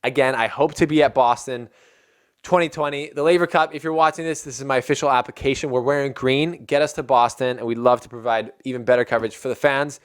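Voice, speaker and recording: A man hosting a casual tennis recap video, chatty and excitable and often breaking into laughter. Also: medium pitch, fast, clean tone.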